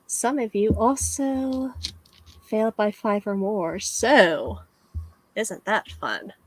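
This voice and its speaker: A woman running a tabletop game as game master, speaking in a slow, hesitant way with many fillers. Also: medium pitch, animated, poor audio.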